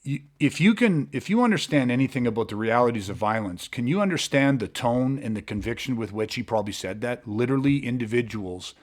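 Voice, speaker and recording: A man hosting a podcast, talking in an intense, blunt way with frequent swearing and halting restarts. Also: mid-range voice, lively intonation. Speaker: podcast host. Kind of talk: podcast monologue.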